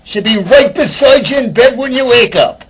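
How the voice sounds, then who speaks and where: A cheeky little leprechaun with a lilting Irish accent, as a man puts him on. The voice sits high above the teller's own and comes out loud and boastful, full of sly confidence. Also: normal speed, slight background noise.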